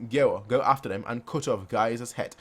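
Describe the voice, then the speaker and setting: A man's voice: medium pitch, normal speed, close to an everyday voice. A ruthless commander barks short, cold orders, as a man reads him aloud. His delivery is clipped and stern. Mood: commanding. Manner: curt commands.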